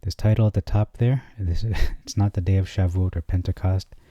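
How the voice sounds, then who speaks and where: A man hosting his own channel, comparing scripture translations on screen and reading verses slowly before commenting dryly. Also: low-pitched, fairly even intonation, warm tone, dry recording, dull audio. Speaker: channel host.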